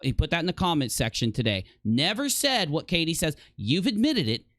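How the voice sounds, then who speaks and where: A man's voice: on the high side, sing-song, a little fast, a bit bright, dry recording, studio quality. Direct: an emphatic, accusatory male commentator. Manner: emphatic, accusatory, repeats for effect. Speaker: commentary vlogger. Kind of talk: indignant commentary.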